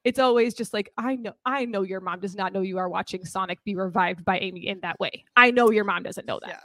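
A woman who is a teacher, chatting casually on a podcast in an animated way, often acting out quoted voices and laughing. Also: mid-range voice, fairly quick, dry recording, clean studio sound.

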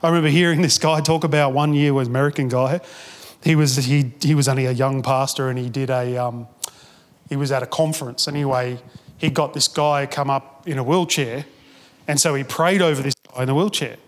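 A man's voice: medium pitch, fairly even intonation, a little fast, in a large hall. A man preaching a sermon as a pastor, telling stories in a casual, chatty way with restarts and quoted asides. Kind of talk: sermon storytelling.

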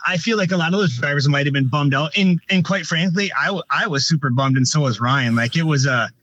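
A man's voice: a little high, a little fast, a bit bright, no echo, highs cut off. A man who directs races, talking casually on a podcast, rambling with frequent restarts and filler phrases. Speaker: race director.

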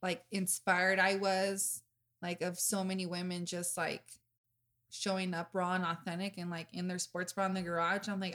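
A woman's voice: fairly low pitch, level tone, moderate pace, a bit bright. A woman hosting a podcast in casual chat, chatty and gushing, with many fillers. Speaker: podcast host.

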